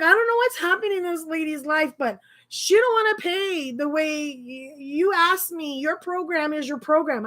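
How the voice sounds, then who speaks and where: High bright-voiced woman telling a story. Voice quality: animated, exasperated storytelling with frequent laughs. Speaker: grocery delivery shopper. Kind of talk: casual storytelling vlog.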